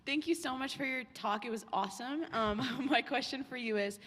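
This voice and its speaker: A woman's voice: high voice, normal speed, fairly bright tone, a little hiss or hum. Curious young woman at an audience mic. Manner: friendly, curious. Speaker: audience member asking a question. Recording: echoey hall, off-mic.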